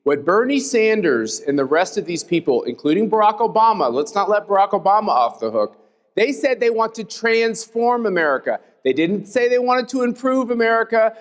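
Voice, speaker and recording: A man's voice: sits high, very animated, normal speed. A man hosting a stage panel discussion, talking in an emphatic, upbeat way. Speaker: conference host. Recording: long hall reverb.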